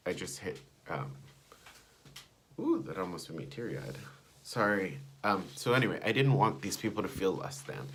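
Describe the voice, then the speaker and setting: Young male vlogger, low register, digressive, filler-heavy storytelling. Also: sing-song, moderate pace, a bit bright, a little hiss or hum. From United States. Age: young adult. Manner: rambling, digressive, with many fillers. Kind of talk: personal storytelling to camera.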